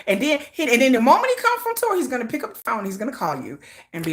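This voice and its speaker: This livestream host spins stories in a playful, gossiping way and laughs a lot. She talks at a racing clip in a fairly high, sing-song voice with a fairly bright tone.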